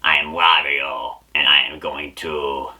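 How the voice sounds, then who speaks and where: A man voicing a greedy, boastful cartoon villain in a deep put-on voice, cackling and rambling through threats. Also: steady tone, slow pace, pushed and bright, exaggerated voice. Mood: gloating. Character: greedy scheming male plumber villain, boastful.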